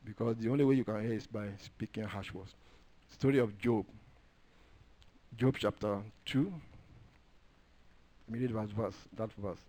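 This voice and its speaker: Emphatic male preacher swinging loud and soft. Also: measured pace, pauses often. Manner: emphatic preaching, swinging between soft low asides and loud raised declarations; reads and quotes scripture aloud, drawing out words for stress. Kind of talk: sermon.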